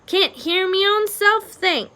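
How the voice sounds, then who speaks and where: A woman reading aloud and voicing a dim-witted, hard-of-hearing young servant girl with rough speech and dropped g's. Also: a little high, big pitch swings, slow pace, pushed and bright, heavily acted. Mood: blunt.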